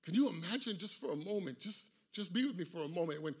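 Impassioned pastor preaching at a funeral. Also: male voice, lively intonation, fast talker, husky. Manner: impassioned, rising loud for quoted voices, dropping soft and low for the grieving. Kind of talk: funeral sermon. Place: church.

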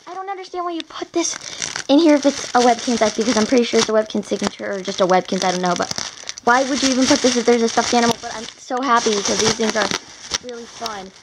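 Gushing teen girl unboxing, gravelly edge. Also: on the high side, quick pace, noisy background. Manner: excitable, gushing, rambling. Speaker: vlogger. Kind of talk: casual unboxing chat.

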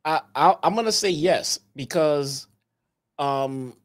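A man from Chicago chimes in on a casual wrestling review. His voice is a bit high and moves a lot in pitch, and he teases his co-host. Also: expressive, slow pace. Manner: playful, teasing. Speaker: podcast co-host.

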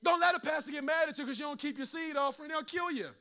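Talking fast at an extremely high pitch, this man preaches as a pastor with folksy humor. He moves in a sing-song rhythm, shifting between loud, shouted climaxes and hushed side remarks.

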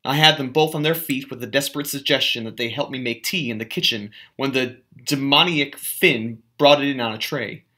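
Male teacher, audiobook narration, measured, bright crisp tone. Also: mid-range voice. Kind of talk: audiobook reading of a novel.

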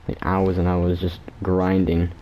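A man's voice: low voice, completely flat delivery, a little slow, muffled recording, a little hiss or hum. A man commenting on his gameplay in a casual, rambling, joking way at a desk microphone. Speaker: gamer. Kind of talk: casual let's play commentary.

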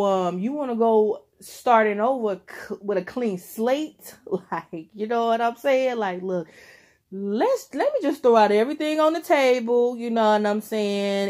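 Brief: young woman tarot reader, slow, loose delivery, frequent laughs, heavy swearing, speaks directly to the viewer. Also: mid-range voice, a little mellow. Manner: profane, laughing often, speaking straight to the listener. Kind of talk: casual tarot reading to viewers.

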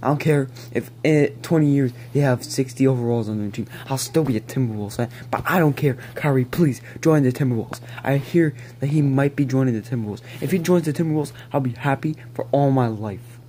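Pleading, rambling young man with mellow voice. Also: mid-range voice, brisk, hardly any pauses, a little hiss or hum. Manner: pleading, rambling, begging and repeating himself. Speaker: vlogger. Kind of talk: excited fan rant to camera. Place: at home, near a balcony.

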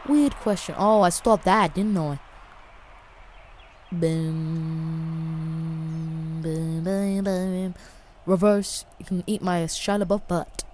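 Excitable woman calling a game. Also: medium pitch, a little hiss or hum. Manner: excitable, jokey, bursts of loud exclamations. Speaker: gaming YouTuber. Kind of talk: live gameplay commentary.

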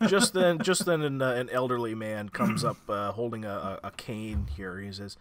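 A man's voice: fairly low pitch, moderate pace, hardly any pauses, a bit bright, slight background noise. A young man narrating as game master in a casual tabletop session, with plenty of fillers and restarts.

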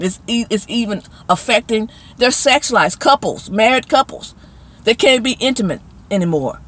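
A woman's voice: medium pitch, rough recording. A middle-aged woman hosting her own commentary channel. She talks casually and emphatically, scolding and speaking straight to her viewers.

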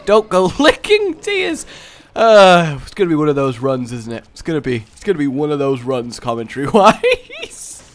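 A young man riffing over a video game, his voice bouncing with lots of pitch movement and sitting a bit high for a man. He drifts into playful, rambling tangents between game remarks. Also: huge pitch swings, moderate pace. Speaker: let's play host. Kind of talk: casual gameplay commentary.

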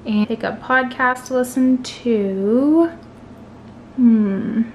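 A bubbly, gushing woman chats to her camera at home in a fairly high voice. The room has a noticeable echo, and faint household ambience sits under her voice. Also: very slow, a little hiss or hum. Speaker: lifestyle vlogger. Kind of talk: casual vlog narration to camera. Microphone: vlog camera mic.

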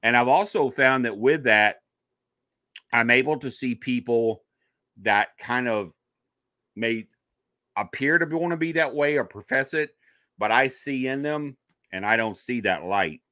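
A man's voice: mid-range voice, measured pace, long pauses, dry recording. A man, a guest in a conversation, telling a personal story and acting out the voices he quotes. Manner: animated storyteller who acts out quoted voices. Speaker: podcast guest, paranormal investigator.

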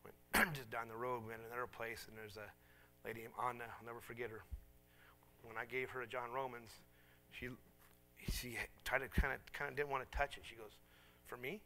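Brisk and mid-range, this middle-aged preacher's voice comes with a little hiss or hum. He's animated in his sermon, telling stories that mock himself and performing the characters' voices.

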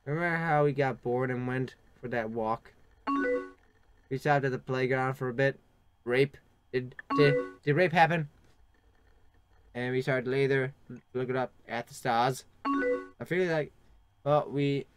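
This young gaming host has a mid-range voice, speaks a little slowly, and pauses often, with soft music playing underneath. He voices the game chat and cracks crude, sarcastic jokes mid-play, keys typing and clicking behind him.

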